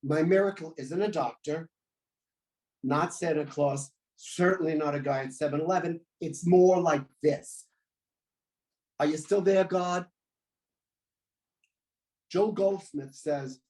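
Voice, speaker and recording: A man giving a reflective sermon at a spiritual center, in measured phrases with pauses. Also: a little high, a little mellow, low-quality recording. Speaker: guest speaker at a spiritual center. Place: church sanctuary.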